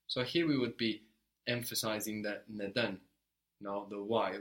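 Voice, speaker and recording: Man giving a lesson, lowish voice, patient and prompting. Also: steady tone, unhurried, a bit bright. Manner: patient, prompting questions and brief praise. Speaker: language teacher. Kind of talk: guided language lesson.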